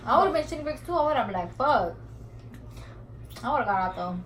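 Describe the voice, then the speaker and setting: A woman's voice: high-pitched, expressive, rapid-fire, rough recording. A young woman hosting her channel in a laid-back, slangy, chatty way. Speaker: channel host. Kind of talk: casual chat. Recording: faint background noise.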